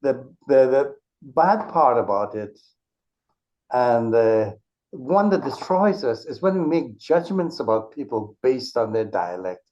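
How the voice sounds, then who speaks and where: A man's voice: medium pitch, big pitch swings, unhurried, a little mellow. Earnest man explaining, muffled lo-fi sound. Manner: thoughtful, explains with examples, frequent restarts. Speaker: author and speech teacher, interview guest. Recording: dull lo-fi recording.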